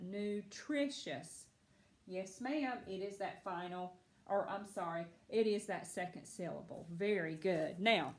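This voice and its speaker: A woman teacher leading a phonics lesson, patient and encouraging, slowing down to sound out words for young students. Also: medium pitch, reverberant.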